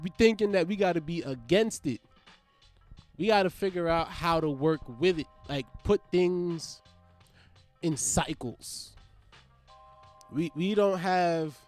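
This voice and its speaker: A man's voice: measured pace, long pauses, soft background music. A young man, hosting a podcast in a loose, profane comedic monologue full of sudden swings in volume. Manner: loose, profane, riffing with big swings in pitch and loudness. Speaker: podcast host.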